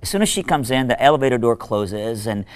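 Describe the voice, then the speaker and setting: Male preacher telling a story, animated and chatty, mid-pitched voice. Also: brisk, clean tone. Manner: animated, conversational storyteller with lively asides. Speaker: minister and speaker. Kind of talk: short devotional talk with storytelling.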